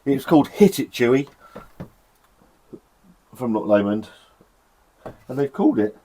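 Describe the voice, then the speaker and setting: A man's voice: mid-range voice, very animated, unhurried, dark tone. A man from England casually reviewing a beer in a cold shed, chatty and sweary, rambling with self-deprecating laughs. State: shivering from the cold.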